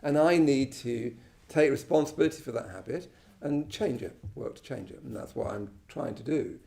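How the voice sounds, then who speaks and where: At a moderate pace, an English man with a gravelly, dark, medium-pitched voice gives a relaxed Buddhist talk to a live class in a Buddhist centre's shrine room. He pokes fun at himself, chats freely and keeps asking "you know" and "yeah?".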